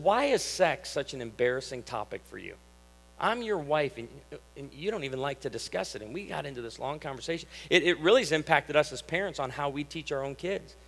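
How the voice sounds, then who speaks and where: A man's voice: a little high, sharp tone. A man in his thirties from Illinois, a pastor giving a conversational, humorous sermon and reading scripture aloud. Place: church hall. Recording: long reverb of a church hall.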